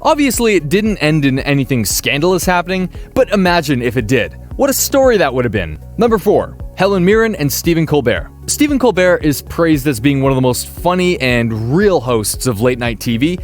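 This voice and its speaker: A man's voice: fairly high pitch, big pitch swings, normal speed, hardly any pauses. A man narrating a countdown video in a chatty, playfully emphatic way, with faint music behind him. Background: faint background music.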